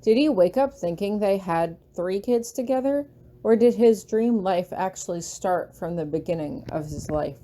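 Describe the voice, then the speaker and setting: A woman narrating a fanfiction audiobook in an expressive first-person storytelling manner. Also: medium pitch, moderate pace. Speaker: audiobook reader.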